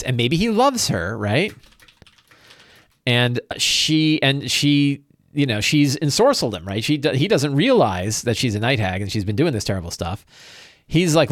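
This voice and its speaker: A man's voice: medium pitch, dry recording, studio quality. A man acting as game master, casually thinking aloud on a livestream, often checking in with "right?" and restarting his phrases. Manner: frequent restarts and repeated words.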